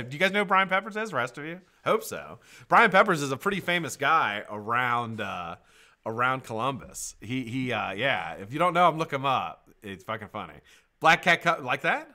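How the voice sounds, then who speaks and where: A middle-aged man hosting a casual live stream, swearing freely and greeting viewers by name in loud bursts. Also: medium pitch, big pitch swings, fairly quick.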